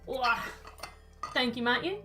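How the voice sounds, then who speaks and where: A woman's voice: on the high side, takes it slowly, over music. A woman, chatting playfully as a streamer, laughing often and talking to her cat and her chat. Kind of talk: casual gaming stream chat.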